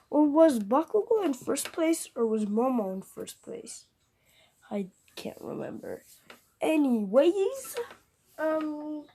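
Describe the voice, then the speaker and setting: A young woman makes up a fan-fiction story as she goes. She rambles, fills gaps with "uh" and "um", and corrects herself mid-sentence. Her voice sits fairly high. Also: darkish tone. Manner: rambling, full of fillers and self-corrections. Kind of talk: improvised fan-fiction narration.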